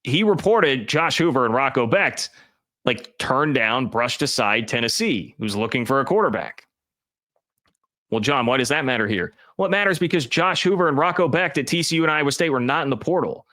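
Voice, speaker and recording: A man hosting a college football commentary show, talking to his viewers in a bright, forceful voice. He makes his points emphatically, leaning hard on key words, in a loose conversational way. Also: mid-range voice, animated, moderate pace. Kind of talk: opinionated sports commentary.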